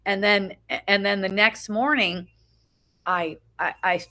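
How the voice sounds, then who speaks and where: A middle-aged woman, a spiritual teacher, talks slowly to a small outdoor group at the beach in a mid-range, bright, forceful voice with fairly even intonation. Recorded via phone live video, she speaks conversationally, often asking "right?", restarting sentences and swearing casually.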